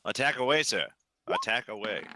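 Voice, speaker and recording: A man running a tabletop game as dungeon master, easygoing and quick with his rulings. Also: medium pitch, lively intonation, pushed and bright, a little hiss or hum, low-quality recording.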